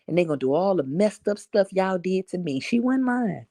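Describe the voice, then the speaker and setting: Animated New York woman streamer, lots of laughter. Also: mid-range voice, normal speed, few pauses, dry recording. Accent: New York with some Southern drawl. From Harlem, New York. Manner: blunt, animated, laughs often, slangy. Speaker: livestream host reading chat comments. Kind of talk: casual livestream chat. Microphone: phone.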